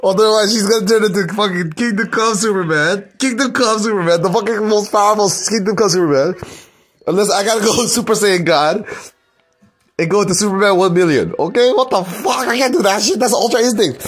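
A man rambling in a casual vlog, excitable and profane, laughing often. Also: high-pitched, fairly quick, faint music behind.

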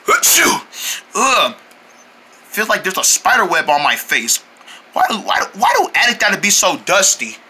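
A man's voice: sits high, big pitch swings, normal speed, sharp tone, a little hiss or hum, full character voice. A man voicing a jittery young male cartoon character who claims he is brave but is easily spooked. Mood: nervous. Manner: insists he is brave, nervous and rambling. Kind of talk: homemade cartoon voice acting.

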